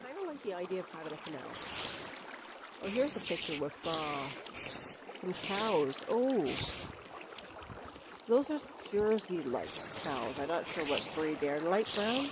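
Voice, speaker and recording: Rambling, giggly streamer with loud background noise. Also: medium pitch, very animated, a little slow, pauses often. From Canada. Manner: rambling, giggly, thinking aloud. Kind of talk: casual gameplay commentary.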